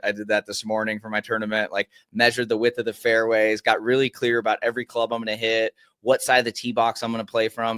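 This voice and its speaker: A man's voice: fairly low pitch, no echo, clean studio sound. A man from Oregon, a golf mental coach, talking in a podcast interview and explaining his game strategy at length. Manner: animated, explains strategy in long runs.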